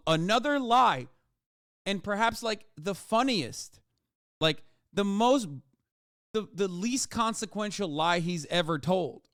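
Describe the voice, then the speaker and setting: A man's voice: high-pitched, no echo, clean studio sound. A man livestreaming, ranting casually to his chat in a sarcastic, mocking, profane way, with emphatic asides. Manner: animated, with frequent restarts and emphatic asides.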